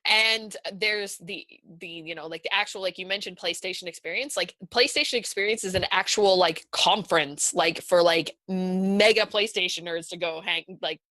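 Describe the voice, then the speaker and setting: A woman's voice: on the low side, moderate pace, hardly any pauses, bright, forceful tone, dry recording. A woman hosting a casual gaming podcast, chatting and putting questions to her co-hosts. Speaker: podcast host. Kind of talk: casual chat.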